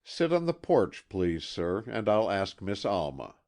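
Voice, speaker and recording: A man voicing a gentle, anxious woman servant in an audiobook, with a pleading manner. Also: deep voice, big pitch swings, measured pace, full character voice. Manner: pleading, urgent.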